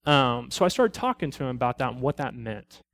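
A middle-aged male police officer shares a testimony at a church study, narrating his calls in a plain, conversational way. He quotes the people he met and lands on blunt, preachy conclusions, in a voice of ordinary middle pitch. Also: big pitch swings, fairly quick, creaky, a bit bright. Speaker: lay speaker at a church study. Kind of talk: personal testimony in a church talk.

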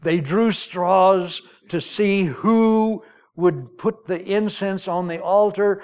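Folksy, joking male preacher; unhurried, slightly high voice. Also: steady tone, a little mellow, smooth. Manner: storytelling, folksy, jokey. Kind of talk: sermon.

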